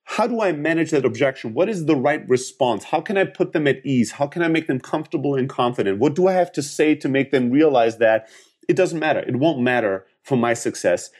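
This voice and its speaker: A Greek man in his thirties with a Greek accent gives an emphatic motivational sales talk in a medium-pitched, expressive, darkish voice at a fairly quick pace. He's a sales coach and startup founder who restarts sentences often and acts out quoted dialogue.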